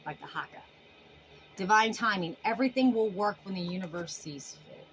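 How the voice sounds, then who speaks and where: A woman's voice: medium pitch, expressive, moderate pace, fairly bright tone, a little hiss or hum, poor audio. A woman giving a casual tarot reading to camera, emphatic and folksy, full of sassy endearments. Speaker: tarot reader.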